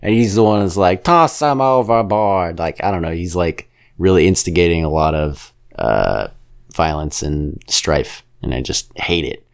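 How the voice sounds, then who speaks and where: Co-hosting a podcast, a man with a very low, deep voice and vocal fry reviews a film in loose, casual chat. He rambles between points, gives blunt opinions, and occasionally drops into quick character impressions.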